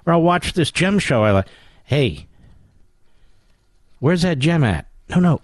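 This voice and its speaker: A man's voice: on the high side, sing-song, unhurried, no room sound. A man with a Philadelphia accent hosting a talk radio show, delivering a sarcastic, combative monologue.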